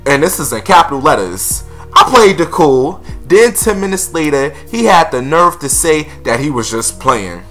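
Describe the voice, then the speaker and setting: A man's voice: fairly high pitch, big pitch swings, moderate pace, fairly bright tone, soft background music. A man hosting a casual gossip vlog, sassy and blunt, calling his viewers honey and girl.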